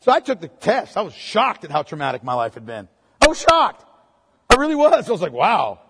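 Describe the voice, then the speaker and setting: A man's voice: sits high, wildly swooping pitch, a little fast, a bit bright, in a large hall, slight background noise. A pastor preaching a sermon in a conversational way, firing off rhetorical questions and calling listeners "man.".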